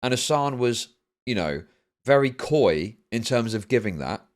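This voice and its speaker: Brief: male streamer, mid-pitched voice, deadpan reading of donations, long rambling explanations. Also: unhurried. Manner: dry, repeats "indeed" flatly; explains at length with many fillers. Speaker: streamer reacting to a video.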